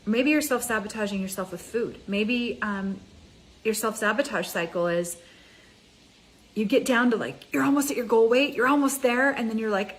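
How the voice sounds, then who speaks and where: A woman life coach giving an energetic, conversational motivational talk, speaking straight to her viewers. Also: fairly high pitch, normal speed, rough recording. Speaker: mind ascension coach.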